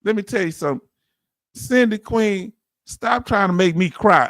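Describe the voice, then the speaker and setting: Man, high voice, casual livestream chat, dry close sound, repeats phrases for emphasis. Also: brisk, no echo. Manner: animated, talks straight to viewers, repeats "let me tell you something". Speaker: livestream host.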